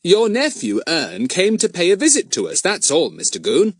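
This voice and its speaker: A man voicing Fatty, a clever, polite schoolboy with a smooth, amused manner, in a storybook reading. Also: high voice, huge pitch swings, moderate pace, pitched above the performer's own voice, heavily acted.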